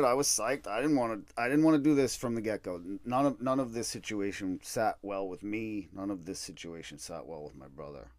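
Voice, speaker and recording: A man hosting a podcast, telling a personal story in a candid, animated way and acting out what others said. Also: on the low side, brisk, few pauses, no echo. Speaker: podcast host. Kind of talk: storytelling monologue.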